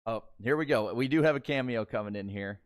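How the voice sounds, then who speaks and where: A man's voice: mid-range voice, brisk, clear, resonant tone. A man hosting a casual post-race livestream, talking in an easygoing, rambling way with lots of fillers. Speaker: livestream host.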